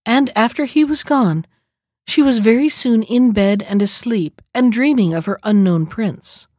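A woman reading a fairy tale aloud in a calm, measured storybook manner. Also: fairly high pitch, no echo, studio quality.

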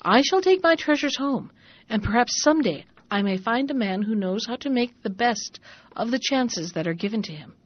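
A woman reading the lines of a stern old male holy hermit in a slow, solemn storybook voice, in a dull lo-fi recording. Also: fairly high pitch, expressive, no room sound.

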